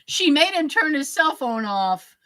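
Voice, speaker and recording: A woman podcast host telling a story in casual chat, acting out the quoted dialogue with lively emphasis. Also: high-pitched, measured pace, no echo, rough recording. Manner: animated, acts out quoted dialogue.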